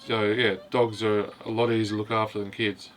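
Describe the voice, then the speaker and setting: A man's voice: on the low side, little pitch movement, a little fast, fairly bright tone. A man casually reviewing a film, hesitant and rambling, with constant "you know" fillers. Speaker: host of a film review video.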